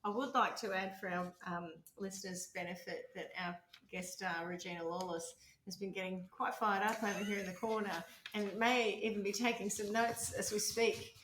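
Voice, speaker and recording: A woman co-hosting a casual true-crime podcast, teasing and quick to laugh. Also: mid-range voice, fairly even intonation, echoey room, noisy background. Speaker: podcast co-host. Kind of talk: casual chat.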